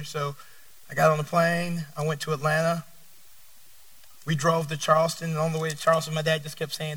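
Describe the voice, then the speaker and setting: A man in his thirties preaching a sermon, telling a personal story and swinging between loud, emphatic lines and hushed ones. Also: on the high side, normal speed, long pauses, recorded from a distance. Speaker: pastor.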